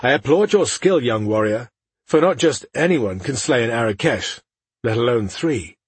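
A man narrating an audiobook, voicing a confident male elf leader who speaks with courtesy and a mocking edge, in a raised, louder voice. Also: mid-range voice, lively intonation, moderate pace, husky, no echo. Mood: mocking, courteous.

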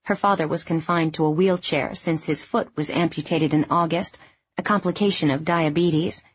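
A woman reading a novel aloud in scripted narration, even and measured. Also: deep voice, husky, no echo, lo-fi sound. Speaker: audiobook narrator.

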